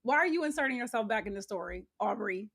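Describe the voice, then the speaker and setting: Bright-voiced woman reading gossip headlines. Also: fairly high pitch, lively intonation, quick pace, creaky, husky. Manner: reads headlines and comments, laughs a lot, swears freely. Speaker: podcast co-host. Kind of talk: casual gossip chat.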